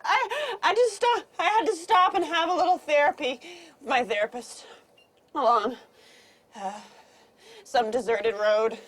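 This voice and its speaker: A woman's voice: high-pitched, a little slow, pauses often, a little hiss or hum. A woman filmmaker recording herself inside a parked RV on a deserted road, ranting and swearing in fury. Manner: furious profane shouting. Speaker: documentary filmmaker. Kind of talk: raw documentary self-recording.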